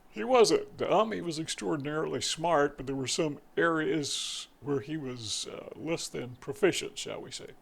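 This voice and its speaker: A man's voice: fairly high pitch, gravelly. A man hosting his own channel, talking in a rambling, conversational way with frequent restarts. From northern United States. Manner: rambling, self-correcting, conversational. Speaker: channel host. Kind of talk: casual monologue to camera.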